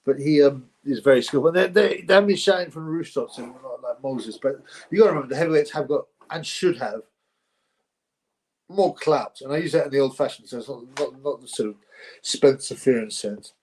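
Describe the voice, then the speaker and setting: A man's voice: mid-range voice, brisk, darkish tone. Rambling English man hosting a livestream. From England. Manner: rambling, blunt and mocking, with many restarts. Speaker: boxing livestream host. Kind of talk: casual livestream chat, reading viewer comments.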